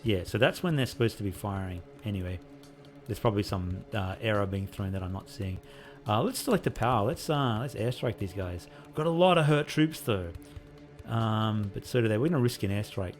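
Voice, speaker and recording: A man casually talking through a playthrough of the game he is developing, relaxed and rambling with lots of fillers. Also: fairly low pitch, brisk, soft background music. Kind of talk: casual gameplay devlog commentary.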